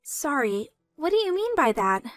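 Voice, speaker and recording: A young woman voicing a polite, gentle pregnant younger sister in a scripted story dub. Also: high-pitched, big pitch swings, normal speed, dry recording, studio quality, soft background music.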